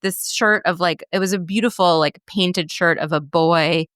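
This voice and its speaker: A woman's voice: fairly low pitch, moderate pace, a bit bright, no echo, studio quality. A woman in her thirties co-hosting a podcast, telling family stories in casual chat and laughing often. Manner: chatty storytelling, laughs often. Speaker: podcast co-host.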